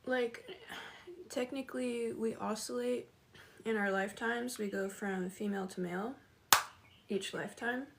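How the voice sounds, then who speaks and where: A woman's voice: a little high, fairly even intonation, unhurried, creaky, slight background noise. A woman chatting casually with viewers on a livestream, laughing often and greeting them by name.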